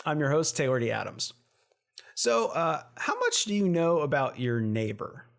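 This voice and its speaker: A man's voice: on the high side, big pitch swings, moderate pace, creaky. A man hosting a podcast, talking in a casual, playful way and laughing at himself. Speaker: podcast host. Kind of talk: casual podcast intro and interview. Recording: music bed under the voice.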